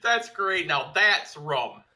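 A man's voice: sits high, lively intonation, takes it slowly, a crowd in the background. A man co-hosting a casual podcast, chiming in and egging on the host. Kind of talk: casual chat.

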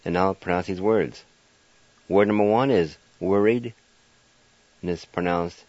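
A man leads a radio language lesson in a low voice, unhurried and very patient. He spells words out letter by letter and repeats each syllable. The sound is dry and a little dull, like an old broadcast. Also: a little mellow, dry recording. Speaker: language teacher and radio host.

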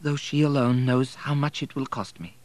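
A man voicing a humble, soft-spoken peasant mother in an audiobook reading. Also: medium pitch, fairly even intonation, normal speed, pitched above the performer's own voice, natural voice. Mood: sorrowful. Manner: soft, pleading.

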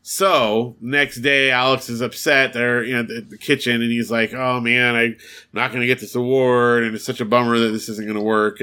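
Man, podcast co-host, casual recap chat, bright forceful voice, acts out quoted lines. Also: medium pitch. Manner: recaps plot with acted-out quotes and laughs.

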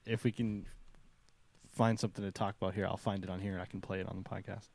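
Male podcast co-host, lower voice, dry close sound, ranty and jokey. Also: level tone, fast talker, a little mellow, no echo. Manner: ranting and laughing, mimics voices. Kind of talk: casual chat.

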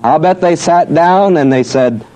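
Man, Bible teacher, slow deliberate delivery, mellow tone, reads scripture in drawn-out cadence. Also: fairly high pitch, poor audio. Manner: slow, deliberate, questioning and answering himself. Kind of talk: Bible study lecture.

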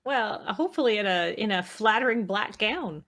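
A woman's voice: mid-range voice, expressive, normal speed, fairly bright tone. A woman co-hosting a casual group chat, with a wry, self-deprecating sense of humor. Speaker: podcast co-host.

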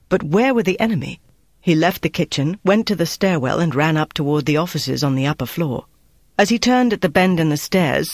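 A man reading a novel aloud in steady, measured scripted narration. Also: a little high, no echo, clean studio sound. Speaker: audiobook narrator.

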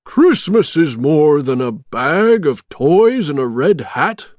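A narrator voicing Santa Claus, an old man who shouts his lines in an audiobook. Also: mid-range voice, sing-song, slow, no echo, clean studio sound, voice pushed up. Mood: jolly shouting. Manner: loud, shouting. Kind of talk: audiobook character voice.

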